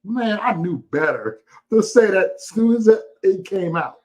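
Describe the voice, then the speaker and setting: Excitable husky man hosting his channel, fairly high, lively. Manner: excited, cursing, quick reactions. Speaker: channel host. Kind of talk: casual live-stream commentary.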